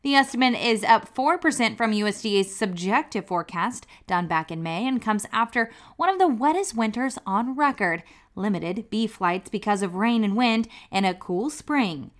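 A woman hosting a farm news radio show, reading scripted news in a brisk, upbeat announcer style. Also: medium pitch, animated.

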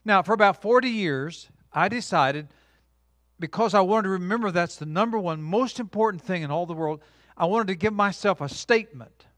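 A man preaching a sermon with emphatic delivery, swinging from loud declarations to quiet, hushed lines, and drawing the congregation into call-and-response. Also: sits high, normal speed, dry recording. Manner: emphatic preaching with dramatic shifts between loud and soft; engages audience with call-and-response. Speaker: pastor.

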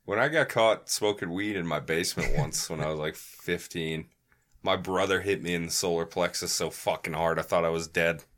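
A man hosting a loose, casual podcast with a lowish but bright, forceful voice. He talks in an easygoing way, cursing freely and joking through the sign-off. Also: moderate pace. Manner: laid-back, swears freely, jokey sign-offs. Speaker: podcast host.

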